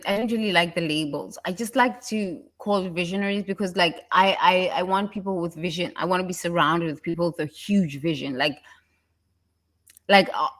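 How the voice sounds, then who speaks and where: A woman giving a casual motivational talk, animated and laughing often, breaking into mocking impressions. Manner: animated, laughs often, mimics others in high voices. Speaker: self-help speaker.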